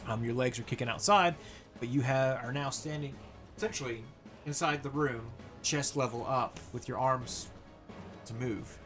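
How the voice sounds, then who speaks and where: A man narrating a tabletop role-playing game as game master, telling the action in a lively way and laughing often. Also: mid-range voice, moderate pace, faint music behind. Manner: animated, laughing storyteller.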